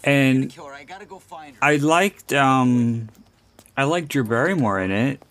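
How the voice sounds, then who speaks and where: A man co-hosting a casual movie podcast, blunt and swearing freely, with halting fillers. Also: medium pitch, a bit bright. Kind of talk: casual movie commentary chat.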